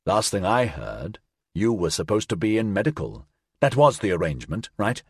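A man voicing a cold, smug male company official in an audiobook, speaking slowly and condescendingly. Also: lowish voice, big pitch swings, breathy edge, dry recording, studio quality, exaggerated voice.

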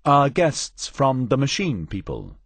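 A man voicing a smooth male host who introduces guests briskly and teases his friend. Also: medium pitch, no room sound, pitched above the performer's own voice, exaggerated voice. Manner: brisk, teasing, lively.

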